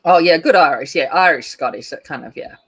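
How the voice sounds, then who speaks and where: A woman's voice: sits low, fairly quick, slightly rough. A middle-aged woman from North Queensland with an Australian accent, chatting casually while colouring, giggly and rambling with lots of fillers. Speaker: colouring channel host.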